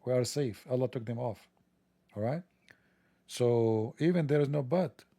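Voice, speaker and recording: A man's voice: medium pitch, a little slow, dark tone, dry recording. A man hosting a livestream, delivering a sarcastic, joking, mocking monologue. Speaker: livestream host.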